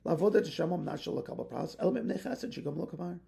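Gravelly passionate rabbi teaching Torah. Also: male voice, fairly high pitch, expressive, fast talker, mellow. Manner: passionate, rising to emphatic peaks; mixes Hebrew phrases into English. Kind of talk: Torah lesson.

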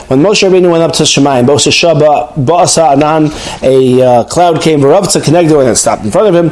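A man's voice: medium pitch, fairly quick, darkish tone, poor audio. A man giving a Torah class as a rabbi, earnest, often restarting his words. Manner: earnest, with frequent stammered restarts.

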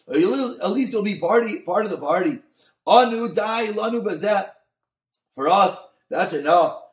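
A man, a rabbi, giving a Torah class on a Mussar text, mixing Hebrew terms into English and swinging from soft to loud. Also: high-pitched, reverberant. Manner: expressive, dynamic delivery, swings from soft to loud.

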